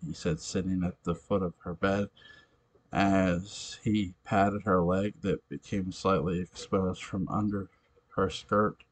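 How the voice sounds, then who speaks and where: Male amateur narrator, low-pitched, very slow, halting fan-story reading. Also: level tone. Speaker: story reader.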